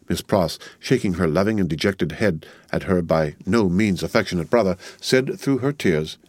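A man narrating a classic novel in a measured, literary storytelling manner. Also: sits low, no room sound. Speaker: audiobook narrator. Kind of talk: scripted narration. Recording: dry close studio sound.

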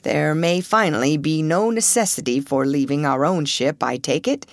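A woman playing a decisive gentleman. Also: low voice, moderate pace, no echo, clean studio sound.

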